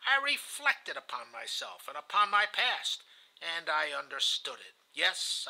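A man's voice: high-pitched, vocal fry, sharp tone, rough recording. A man reading a novel aloud in the first person, earnest and confessional. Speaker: audiobook reader.

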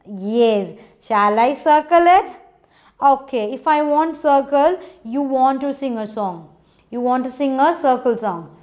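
Young woman, indian english accent, children's phonics lesson, encouraging, sing-song chants, high pitch. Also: lively intonation, darkish tone. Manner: slow, patient, encouraging, sings short chants.

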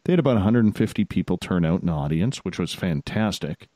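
A man hosts a casual radio chat in a low, deep voice. He rambles and jokes his way through shout-outs. The sound is dry and close, with no room around it. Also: animated, fast, dry recording. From Canada. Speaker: radio show host.

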